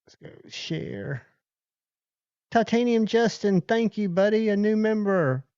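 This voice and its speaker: A man's voice: sits high, animated, slow pace, a little mellow, smooth, no echo, lo-fi sound. A man hosting a casual livestream, chatting loosely and thanking viewers by name. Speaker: livestream host.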